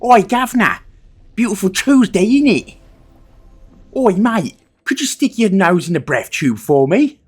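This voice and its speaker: A brash, cheeky cockney bloke bellowed out in a high, exaggerated caricature voice, as a man puts him on. His speech bounces around with lively swings. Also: a little slow, pauses often, husky, full character voice. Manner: brash and chirpy. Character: stereotypical loud cockney British bloke, cheeky.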